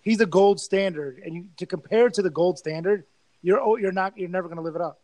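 A man's voice: high voice, brisk, no echo, low-quality recording. A man hosting a casual sports podcast, swearing freely and telling stories with animation. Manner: profane, animated storytelling. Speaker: podcast host.

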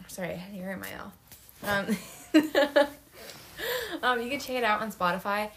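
A woman's voice: medium pitch, big pitch swings, measured pace, a bit bright, slight background noise. A young woman co-hosting a podcast in casual chat, rambling with lots of fillers and giggles. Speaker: podcast co-host.

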